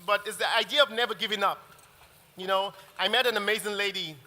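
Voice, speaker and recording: Man chef, high voice, rambling demo patter, echoing hall. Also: quick pace, bright, forceful tone. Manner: chatty and rambling, often restarts sentences. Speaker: chef teaching a cooking masterclass. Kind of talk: live cooking demonstration. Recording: long reverb of a large hall.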